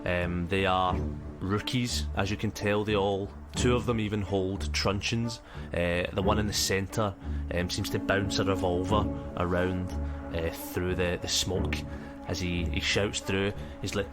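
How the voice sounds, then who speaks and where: A man's voice: low voice, fairly even intonation, unhurried. A man with a Scottish accent running a tabletop game as game master, talking in a hesitant way full of ums. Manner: hesitant, lots of ums and sort-ofs. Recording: music bed behind voice.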